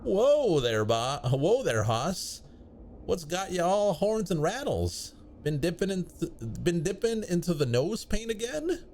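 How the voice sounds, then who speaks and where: Guy putting on a high drawly cowboy in a game, all partner and slang, bouncy voice, faint hiss behind. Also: big pitch swings, a little slow, a little mellow, heavily acted. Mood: folksy. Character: folksy old-west cowboy character, boastful.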